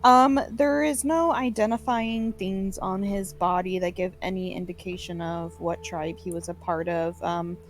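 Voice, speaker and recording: A woman's voice: on the low side, fairly even intonation, a little slow, few pauses. A woman narrating as game master of a tabletop game, in a loose, filler-heavy way. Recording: with faint background music.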